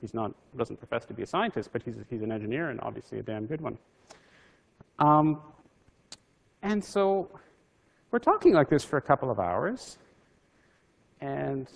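A man's voice: fairly high pitch, creaky. A physicist telling a wry anecdote from his career in a conversational talk to an audience.

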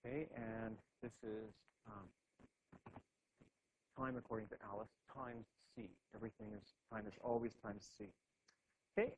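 A man's voice: lowish voice, slight background noise. Man lecturing physics, dull recording. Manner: thinks aloud, many restarts and "okay"s. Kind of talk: classroom lecture at a board.

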